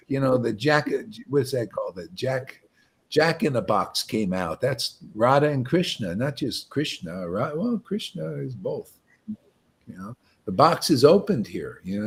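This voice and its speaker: A man's voice: medium pitch, slightly rough. A man teaching a meditation session in a loose, joking way, often tossing in "man" and "you know" and laughing at his own jokes. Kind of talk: casual spiritual talk on a livestream.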